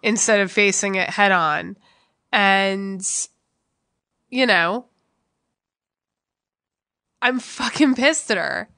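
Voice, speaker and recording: A woman's voice: mid-range voice, slow, long pauses, bright, forceful tone, no echo, studio quality. A young woman co-hosting a podcast who speaks in a candid, emotional and profane way. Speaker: podcast co-host. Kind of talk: candid conversational storytelling.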